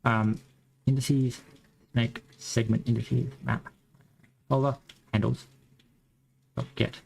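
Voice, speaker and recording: A man's voice: medium pitch, flat delivery, slow pace, creaky, darkish tone, rough recording. A man with a Western Australian accent who rambles and thinks aloud while coding on a live stream. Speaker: game developer streamer.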